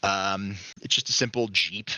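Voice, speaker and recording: Bright-voiced casual game master man. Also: low-pitched, unhurried, dry recording. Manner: casual, crude, joking. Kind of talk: narrating a tabletop role-play game.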